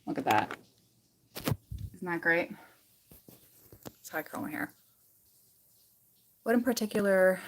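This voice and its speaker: A woman's voice: fairly low pitch, expressive, a little slow, pauses often. A young woman with a Canadian accent chatting casually on a livestream while curling her hair, reading out comments and rambling between steps. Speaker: beauty vlogger.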